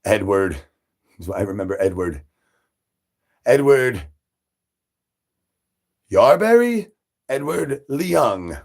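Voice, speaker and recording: Husky man doing goofy livestream banter. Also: animated, moderate pace, fairly bright tone. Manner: rambling, silly catchphrases, sudden pitch jumps. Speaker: livestreamer in zombie character. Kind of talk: absurd live-stream banter.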